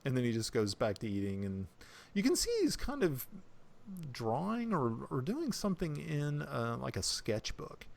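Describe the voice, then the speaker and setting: Tabletop game master, male, gravelly and hesitant, rambling narration. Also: medium pitch, wildly swooping pitch, moderate pace. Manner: hesitant, many fillers and restarts.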